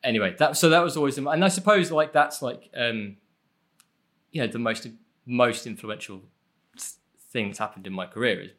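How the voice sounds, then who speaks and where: A man's voice: medium pitch, normal speed, a bit bright. Rambling, self-deprecating man. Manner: rambling, self-deprecating, swears casually, many fillers. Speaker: guest, film editor. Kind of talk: casual podcast chat.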